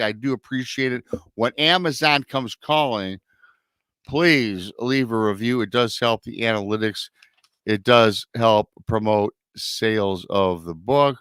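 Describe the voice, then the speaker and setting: A man's voice: mid-range voice, fairly bright tone, clear, resonant tone, no room sound. Male podcast host, casual promo patter, dry close-miked sound. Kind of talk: live show intro and announcements.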